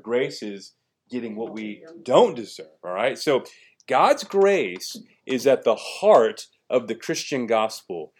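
A man in his thirties, a pastor teaching a Bible lesson and asking the listeners questions as he goes. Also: mid-range voice. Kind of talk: sermon.

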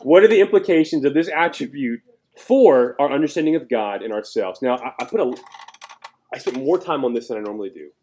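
A pastor delivers his sermon in a man's voice of ordinary pitch. He preaches emphatically, calling out questions for the congregation to answer. His voice climbs higher and louder whenever he drives a point home. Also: lively intonation, a little fast. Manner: pitch and volume rise sharply on key points.

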